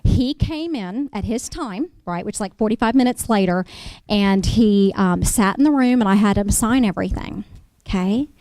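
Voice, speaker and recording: A woman's voice: mid-range voice, moderate pace, darkish tone, dry recording. A middle-aged woman, a real estate attorney, lectures an audience through cautionary stories and keeps checking in with "okay?".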